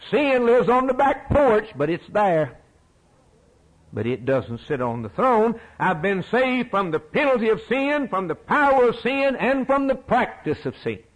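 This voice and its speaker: A man's voice: high voice, very animated, a little slow, rough recording. A middle-aged man preaching a sermon in a folksy, emphatic way, repeating his key phrases.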